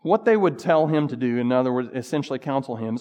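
A man's voice: medium pitch, expressive, fast, hardly any pauses, darkish tone, long reverb tail. A male pastor giving a casual, conversational sermon with bursts of emphasis.

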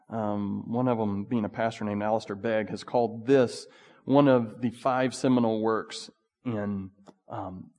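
Man, pastor, conversational sermon, lively asides, echoing church hall. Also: lowish voice. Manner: conversational, animated preaching with asides.

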